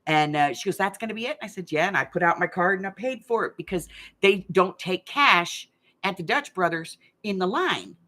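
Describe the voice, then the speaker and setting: Her fairly low voice has lively intonation and a bright, forceful tone at normal speed. She's a middle-aged woman hosting a craft channel's casual live stream game from a hot room at home, rambling through stories and laughing often.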